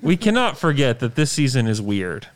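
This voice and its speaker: A man's voice: mid-range voice, sing-song, moderate pace. A man co-hosting a casual sports podcast, rattling off standings and numbers with emphasis. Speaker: podcast co-host.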